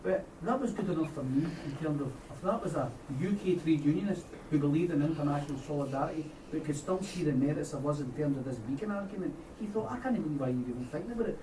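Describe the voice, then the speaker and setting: A Scottish trade unionist makes his case in blunt, everyday speech, his voice sitting a little high for a man. He is heard from a distance across an echoey meeting hall, with steady noise under him. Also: fast talker, hardly any pauses. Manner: blunt, colloquial, storytelling. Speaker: trade unionist audience member. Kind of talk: impassioned debate contribution. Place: meeting room at a union debate.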